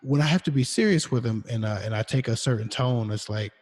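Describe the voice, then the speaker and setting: Husky-voiced man chatting, long echo. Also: mid-range voice, fast. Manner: relaxed storytelling with frequent fillers and restarts. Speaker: podcast co-host. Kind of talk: casual chat.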